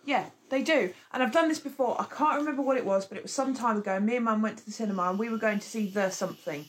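A woman's voice: a little high, quick pace. Chatty woman co-hosting a casual chat. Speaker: podcast co-host.

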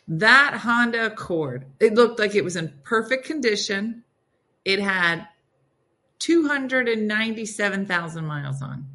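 A woman hosting a morning radio show, chatting casually and reading listener replies aloud in quick lists. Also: mid-range voice, sharp tone. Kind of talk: casual chat.

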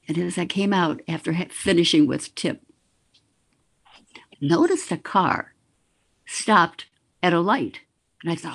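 A woman's voice: on the low side, lively intonation, a little slow, gravelly, pauses often. An older woman from the Boston area, a former news anchor telling a story as a guest. She tells it vividly and mimics sounds. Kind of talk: reminiscing interview storytelling.

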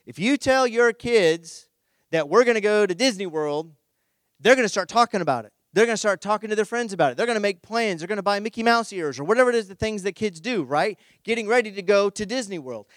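A middle-aged man, a pastor, preaching a conversational sermon and telling a personal story in an animated, humorous way. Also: high-pitched, brisk, no echo.

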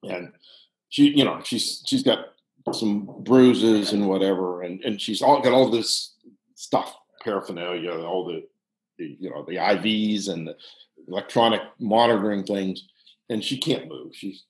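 A man in his sixties from Pittsburgh, telling a long personal story in a casual, halting way with frequent restarts. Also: on the low side. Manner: animated, halting with restarts, drops to hushed tones. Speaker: guest storyteller, former soccer coach. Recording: roomy echo.

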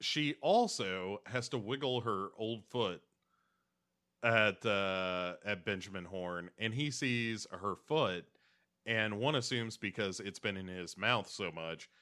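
A man with a fairly low yet bright, forward voice talks through a TV episode in loose, casual chat. He keeps slipping into short character impressions. He sounds animated and playful. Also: slow. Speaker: podcast co-host.

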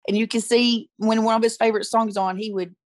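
A woman's voice: on the high side, a little fast, dry recording, clean studio sound. A woman guest in an interview, telling a personal story candidly and acting out what people said. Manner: candid, animated retelling that acts out quoted speech.

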